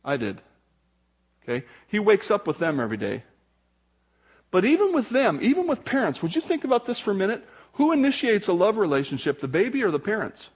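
Older husky-voiced man preaching animatedly. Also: high-pitched, brisk. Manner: animated, acts out voices of people he quotes. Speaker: pastor. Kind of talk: sermon.

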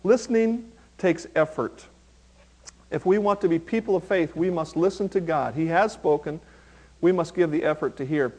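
High-voiced man preaching with humor. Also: moderate pace. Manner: animated, humorous preaching with acted-out quotes. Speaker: pastor. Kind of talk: sermon.

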